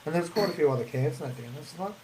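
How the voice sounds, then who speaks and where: A man's voice: a little high, animated, racing, darkish tone, a little hiss or hum, low-quality recording. A man with an Australian accent hosting a podcast livestream, telling a rambling story and swearing freely. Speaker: podcast host.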